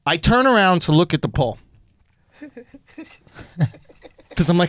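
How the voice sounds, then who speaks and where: A young man telling a story on a comedy podcast, loud and excitable, breaking into shouts. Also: high voice, a little slow, no echo. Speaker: podcast co-host.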